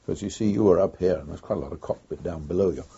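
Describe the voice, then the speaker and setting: An older man tells his story in an oral history interview, pausing often and recalling events in an unhurried way. His voice is deep, dark and mellow, and very husky. The recording is dull and lo-fi. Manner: unhurried, reflective storytelling with frequent pauses. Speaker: former wartime pilot interviewee.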